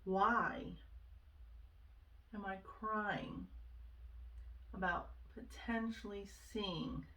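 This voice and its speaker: A woman's voice: medium pitch, steady tone, drawn-out words, bright, forceful tone, distant mic. A woman talking earnestly and casually to the camera, giving personal advice on overthinking, often asking "right?". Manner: earnest and conversational, many asides and "right?". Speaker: vlogger sharing self-help advice.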